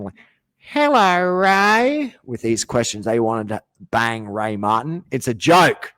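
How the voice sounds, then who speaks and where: A middle-aged Australian man delivers an aggrieved, profane rant, often cutting himself off mid-sentence. His voice sits at an ordinary middle pitch. The recording is dry, with almost no room sound. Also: no echo. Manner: profane, aggrieved, self-interrupting. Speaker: podcast host. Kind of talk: ranting monologue.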